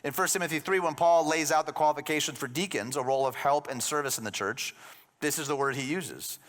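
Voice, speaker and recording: A man's voice: a little high, fairly bright tone, big-room sound. A man preaching a sermon as a pastor, conversational with joking asides.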